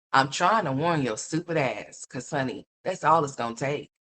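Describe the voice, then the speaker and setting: A woman with a low voice hosts a ranting commentary stream. She scolds bluntly and curses freely. Now and then she mocks other people by mimicking them in a higher voice. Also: a bit bright. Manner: blunt, scolding, profane, mocking.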